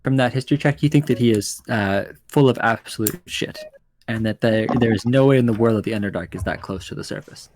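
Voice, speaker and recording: A man running a tabletop game as game master, describing scenes in an unhurried way with many fillers. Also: medium pitch, darkish tone, a little hiss or hum.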